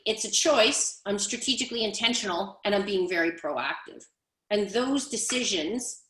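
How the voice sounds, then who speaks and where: A woman coach speaking on a conference panel in an energetic, emphatic way, building points through repetition. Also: medium pitch, roomy sound. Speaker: guest speaker, leadership coach.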